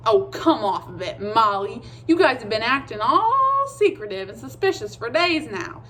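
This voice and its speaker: A woman's voice: a little high, very animated, normal speed, fairly bright tone. Storybook reading, know-it-all boy, exasperated and lecturing, put on by a woman reader.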